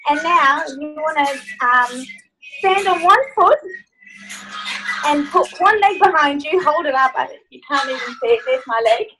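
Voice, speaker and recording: High-voiced woman coaching over a phone. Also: expressive, a little slow, noisy background. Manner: upbeat, playful instructions. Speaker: life coach. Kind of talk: leading a group coaching call. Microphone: phone on a video call.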